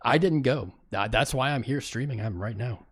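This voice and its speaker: A man's voice: medium pitch, normal speed, husky. A man hosting a live stream, chatting casually and greeting viewers in chat by name. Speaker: livestream host. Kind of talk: casual livestream commentary.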